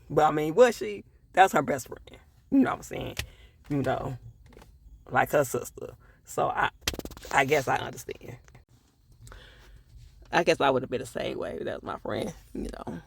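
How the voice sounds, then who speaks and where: A man's voice: fairly high pitch, expressive, normal speed, gravelly, long pauses, a bit bright, slight background noise. A man casually recapping a TV episode, acting out the characters' lines with sassy asides. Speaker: TV show reviewer.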